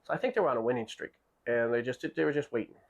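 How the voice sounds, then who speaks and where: A podcast host with a medium-pitched, gravelly voice tells a long story casually and at rapid-fire speed, the audio sounding dull. He is animated, acting out the people in it with a raised voice, and often restarts sentences and repeats words.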